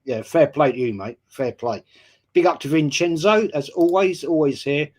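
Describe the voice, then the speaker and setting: A man's voice: a little high, moderate pace, darkish tone. A man hosting a casual football chat show, greeting viewers by name and chatting loosely. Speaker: podcast host.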